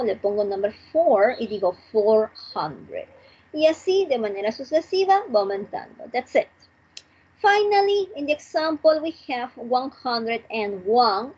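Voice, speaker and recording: A woman leads an online English class, talking slowly and repeating each word for practice. Her voice is very husky and fairly high, and it comes through a dull, lo-fi video call. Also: darkish tone. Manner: slow, drilling repetition, switching between English and Spanish. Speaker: English teacher.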